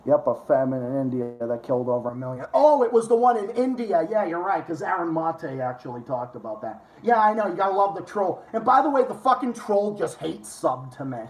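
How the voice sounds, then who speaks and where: A man's voice: fairly high pitch, big pitch swings, fairly quick. A man hosting a live stream, ranting to his chat with heavy swearing and sarcasm. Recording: roomy echo.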